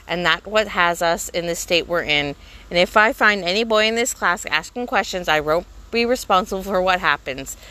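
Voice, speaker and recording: A woman's voice: fairly low pitch, bright, forceful tone. Woman doing a barking, bullying schoolmaster. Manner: barking, mocking, raised voice. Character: harsh, bullying male schoolmaster, middle-aged. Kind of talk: storybook reading.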